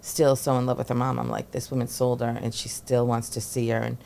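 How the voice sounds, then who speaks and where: A woman's voice: rumbling low, little pitch movement, brisk, vocal fry, warm tone, a little hiss or hum. A woman in her forties from Massachusetts, a teacher and former social worker chatting as a guest, talking loosely with lots of fillers and laughs. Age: 40s. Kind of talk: casual interview chat.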